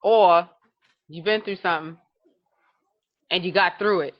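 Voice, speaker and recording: A woman's voice: lowish voice, measured pace, dry recording. Chatty woman podcast co-host, dull dry sound. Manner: animated storytelling, laughs often, acts out quotes. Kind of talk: casual chat.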